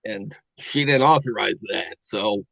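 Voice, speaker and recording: Middle-aged male host, halting musing delivery, dry close mic. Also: lowish voice, creaky, a bit bright, no room sound, rough recording. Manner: musing, halting, with many fillers and restarts. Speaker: podcast host. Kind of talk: casual chat.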